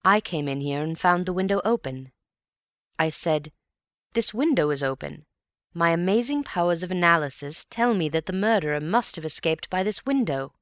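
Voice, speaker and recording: A woman reading aloud, voicing an excitable young male amateur detective with theatrical outbursts. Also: lowish voice, moderate pace, no echo, studio quality. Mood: gravely explaining. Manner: exclamatory and theatrical, then grave explaining.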